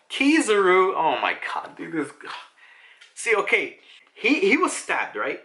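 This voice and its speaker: A man casually reviewing a manga chapter, rambling, excitable and profane. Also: sits high, takes it slowly.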